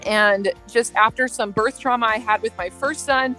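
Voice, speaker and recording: A woman's voice: a little high, normal speed, pushed and bright, faint music behind, poor audio. An American woman telling a personal story in a casual, heartfelt way, full of fillers and growing emotional. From United States. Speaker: podcast guest.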